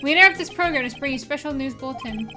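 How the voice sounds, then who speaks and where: A woman's voice: high-pitched, lively intonation, rapid-fire, music in the background. A woman voicing a TV news anchor in a game, reading a bulletin in a formal way.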